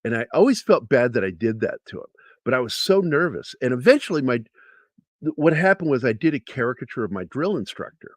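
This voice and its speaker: Brief: male guest artist telling a story, lively and conversational, dry mic. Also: medium pitch, a little fast, dry recording. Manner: anecdotal, with restarts and profanity. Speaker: guest comic book artist. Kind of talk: casual storytelling. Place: livestream interview.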